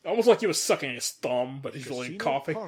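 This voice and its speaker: A man's voice: medium pitch, lively intonation, quick pace, a crowd in the background. A man giving casual audio commentary on his own fan dub. He rambles, stammers over repeated words and laughs often between remarks.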